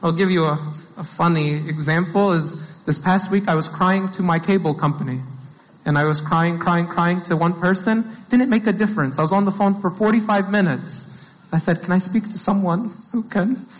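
A man preaching a sermon in a conversational way, often filling with "like". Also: sits high. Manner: conversational, with many "like" fillers. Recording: long hall reverb.

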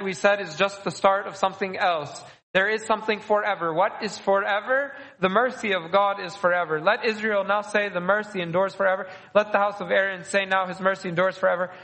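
A man's voice: high-pitched, fairly bright tone, long reverb tail, poor audio. A man, a priest giving a conversational sermon, often repeating and restarting phrases. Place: church.

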